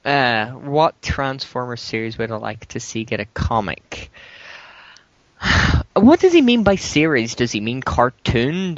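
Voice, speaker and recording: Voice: medium pitch, fairly bright tone, dry recording. A podcast co-host who makes dry, sarcastic remarks in casual chat. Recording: dry, muffled lo-fi audio.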